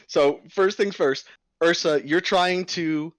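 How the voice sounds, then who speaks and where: A man narrating a tabletop game as game master, telling the scene vividly with quick restarts. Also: fairly high pitch, dry recording. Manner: animated, vivid storytelling with hesitant restarts.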